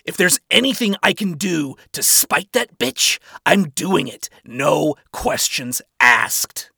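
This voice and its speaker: A man's voice: on the high side, big pitch swings, takes it slowly, vocal fry, pushed and bright, breathy edge, dry recording, studio quality, full character voice. A man voicing Adam, a crude, boastful male angel, brash and mocking in a fan fiction reading.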